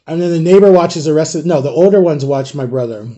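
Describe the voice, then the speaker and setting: Speaking fast with lively intonation, this man in his thirties has a high-leaning, dark voice, and the recording's highs are cut off. He's a vlogger eating on camera, spinning a long, rambling personal tale full of fillers and addressing his viewers directly as "guys."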